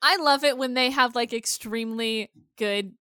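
Podcast co-host, a woman with a high, bright voice, jokey and quick, recorded close with no room sound. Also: clean tone, no room sound. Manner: playful, jokey, quick asides and laughter. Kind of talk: casual chat.

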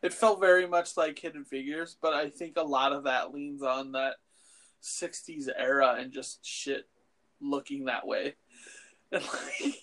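A man's voice: medium pitch, fairly even intonation, unhurried, fairly bright tone. A man co-hosting a casual podcast chat about films and TV, rambling and profane with lots of fillers. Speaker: podcast co-host.

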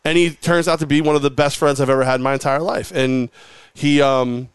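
A middle-aged man, a former sports radio host, telling animated, rambling stories as a guest in a casual interview. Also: on the high side, fairly quick, clear, resonant tone, dry recording. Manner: animated, rambling, heavy use of "like".

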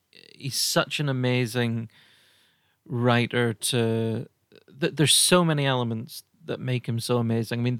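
Gravelly, enthusiastic man hosting a podcast. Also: medium pitch, no room sound, studio quality. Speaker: podcast host. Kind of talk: casual interview chat.

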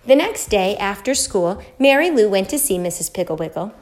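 A woman reading a children's book aloud in a lively, expressive way. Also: medium pitch, moderate pace, few pauses. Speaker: storyteller.

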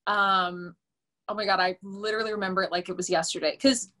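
A young woman in her twenties, a podcast guest, telling a story in a casual, animated way with lots of fillers. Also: medium pitch, fairly quick. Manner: animated and chatty, many fillers, laughs often. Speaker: podcast guest, musical theater performer.

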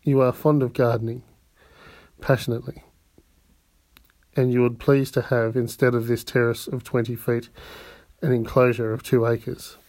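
Man doing a cool scheming count, smooth and coaxing, mellow voice, dry sound. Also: medium pitch, little pitch movement, moderate pace, pauses often, no room sound, close to an everyday voice. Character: calm scheming male count, persuasive.

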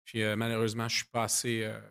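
A man's voice: on the low side, monotone, rapid-fire, creaky, fairly bright tone. A man whose first language is French, giving hesitant, formal testimony at a hearing. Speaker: witness at an inquiry.

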